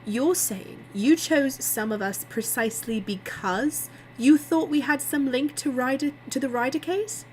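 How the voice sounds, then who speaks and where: Woman reading a high indignant woman. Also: a little slow, hardly any pauses, a little mellow, a little hiss or hum, poor audio. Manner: rising, indignant. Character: indignant woman demanding answers.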